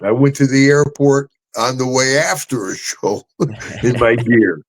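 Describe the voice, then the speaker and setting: A man co-hosting a casual talk show, telling animated road stories, laughing often and jumping high into voices when he quotes people. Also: a little slow, poor audio. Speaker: podcast co-host, retired wrestler telling road stories. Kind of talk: casual storytelling chat.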